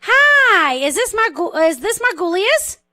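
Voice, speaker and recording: A woman's voice: very high-pitched, big pitch swings, unhurried, bright, forceful tone. A middle-aged woman co-hosting a live auction stream, teasing and joking with a winner on the phone. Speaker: live auction co-host, caller. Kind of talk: playful phone call chat.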